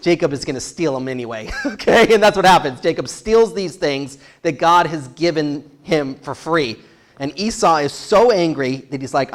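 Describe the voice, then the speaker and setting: Man, slightly high voice, animated storytelling sermon with chuckles and asides. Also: normal speed. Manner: lively storytelling with laughs and asides. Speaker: pastor.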